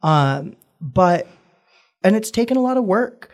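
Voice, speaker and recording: Young man, twenties, guest; earnest, measured, reflective delivery. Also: high voice, lively intonation. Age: 20s. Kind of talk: candid personal conversation.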